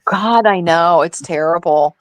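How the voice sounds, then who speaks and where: A woman's voice: fairly low pitch, a little slow, dry recording. A woman co-hosting a casual livestream chat, telling home stories and acting out the people in them. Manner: animated storytelling, acts out quoted voices. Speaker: livestream co-host.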